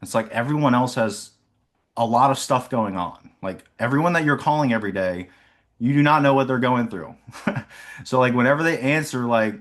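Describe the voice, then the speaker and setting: A man's voice: medium pitch, normal speed, fairly bright tone. A young man, an insurance sales agent, talking casually on a video call about his mindset, rambling with frequent fillers and laughs. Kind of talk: casual reflective talk.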